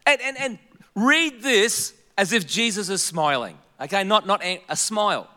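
A man's voice: high voice, expressive, normal speed, pushed and bright, in a large hall. A man preaching a sermon as a pastor and church leader, in a conversational, humorous way with frequent fillers.

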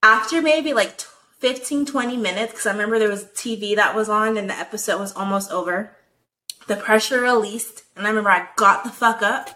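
A young woman tells a story in a casual, animated way, swearing often and dropping "like" into most sentences. Her voice is bright and forward. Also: medium pitch, brisk, poor audio. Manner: animated, profane, many "like" fillers. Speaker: guest telling a personal story.

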